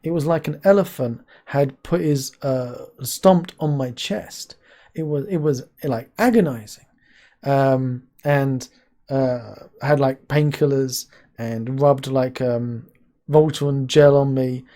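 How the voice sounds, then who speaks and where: Guy streaming live, mellow voice, laughs a ton, yelps high when excited. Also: slow pace. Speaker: streamer host. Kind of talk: casual live-stream chat.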